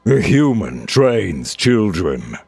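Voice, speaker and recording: A man voicing a huge, boastful alien warrior who speaks slowly and with scorn. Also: on the low side, big pitch swings, creaky, a little mellow, breathy edge, faint music behind, exaggerated voice. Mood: scornful. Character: huge arrogant male alien warrior, booming.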